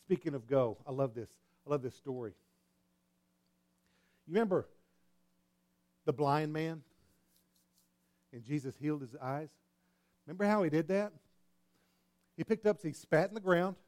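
Animated preaching man, fairly high voice. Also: unhurried, long pauses. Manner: animated preaching with repetitions and restarts, swings from quiet to loud. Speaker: pastor. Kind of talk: sermon. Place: church hall with congregation.

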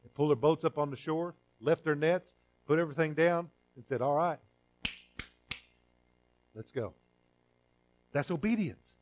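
A middle-aged man preaching a sermon as pastor, in a conversational way with restarts and repeated words, swinging between loud emphatic lines and quiet drawn-out phrases. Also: a little high, slight background noise.

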